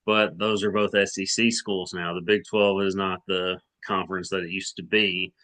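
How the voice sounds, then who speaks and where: A man's voice: low-pitched, little pitch movement, normal speed, sharp tone. A man of around forty from Arkansas, co-hosting a sports podcast in casual chat, rambling with many restarts and hedges.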